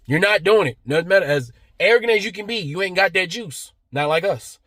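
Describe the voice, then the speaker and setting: A man's voice: high-pitched, lively intonation, fairly quick, a bit bright, dry recording, studio quality. A man with giving emphatic, preachy opinion commentary as a channel host, with slangy asides and repeated "right?".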